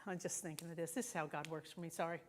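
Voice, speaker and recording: A woman's voice: sits low, fairly even intonation, racing, slight background noise. A woman minister giving a sermon in a conversational way, often checking in with the congregation. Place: church sanctuary.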